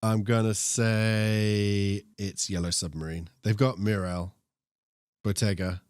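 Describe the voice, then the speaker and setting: A man's voice: on the low side, level tone, slow pace, darkish tone, clean tone, dry recording, clean studio sound. Joking young British man with a posh accent. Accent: posh British English. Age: young adult. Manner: joking, rambling, prone to tangents. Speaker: co-host. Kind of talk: casual esports chat.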